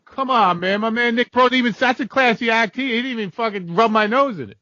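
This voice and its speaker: Profane ranting man, bright voice. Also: extremely high pitch, fast talker, hardly any pauses, dry recording, muffled recording. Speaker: podcast co-host. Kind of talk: casual sports betting chat.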